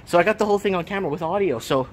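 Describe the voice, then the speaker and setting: A man's voice: high voice, expressive, very fast, a little hiss or hum. Exasperated man ranting in his shop. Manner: rambling, exasperated, repeats himself. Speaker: vlogger and shop owner. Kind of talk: casual vlog rant. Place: shop under renovation.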